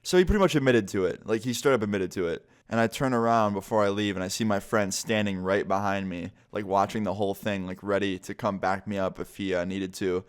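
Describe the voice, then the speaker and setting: A young man with a fairly low voice tells a casual storytime vlog. He talks loosely and swears freely, and he acts out the lines of the people in his story. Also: fairly quick, few pauses, smooth. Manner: casual and profane, with acted quotes. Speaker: vlogger.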